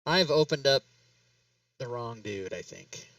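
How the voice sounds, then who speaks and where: A man's voice: medium pitch, animated, measured pace, fairly bright tone, dry recording, far from the mic, poor audio. A man hosting a casual talk show, rambling and laughing as he talks himself through steps on a computer over voice chat. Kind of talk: casual chat while working in game software.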